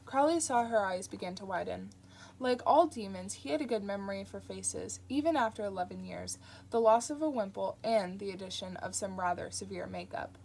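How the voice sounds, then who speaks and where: A woman narrating an audiobook in a steady, plain reading voice. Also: mid-range voice, normal speed, creaky, slight background noise. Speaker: audiobook reader.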